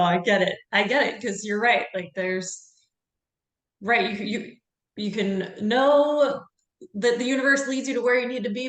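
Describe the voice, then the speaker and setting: A woman's voice: medium pitch, fairly bright tone, echoey room. A woman hosting a podcast, chatting casually and laughing often. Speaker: podcast host. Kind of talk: casual chat.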